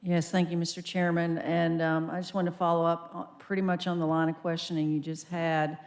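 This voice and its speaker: A woman speaking as vice chair at a public county board meeting, asking direct, measured questions. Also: on the low side, level tone.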